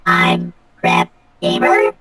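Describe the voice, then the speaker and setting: A man voicing a slow, deep male android robot over loud music. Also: very animated, creaky, recorded from a distance, heavily acted. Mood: deadpan. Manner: slow, dragging delivery.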